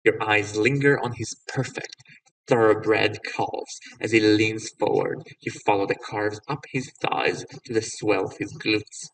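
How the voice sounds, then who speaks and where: A man's voice: lowish voice, fairly even intonation, a little slow, distant mic, poor audio. A male streamer narrating a visual novel aloud with playful, joking asides.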